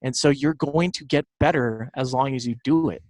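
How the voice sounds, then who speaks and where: A man from Southern California, a baseball broadcaster and guest, telling animated stories in casual chat. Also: medium pitch, moderate pace, no echo. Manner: animated storytelling, fond of quoting others.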